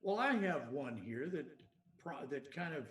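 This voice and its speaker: High-voiced male co-host in an echoey room. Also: expressive, a little slow. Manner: rambling, musing, stammering repeats. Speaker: podcast co-host. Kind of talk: casual chat. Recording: echoey room, far from the mic.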